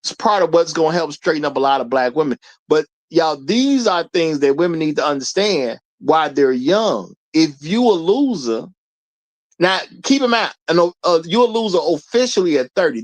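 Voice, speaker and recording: A man hosting a livestream, talking bluntly and lecturing his chat in casual commentary. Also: high-pitched. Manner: blunt, preachy, talks straight to the chat. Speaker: livestream host.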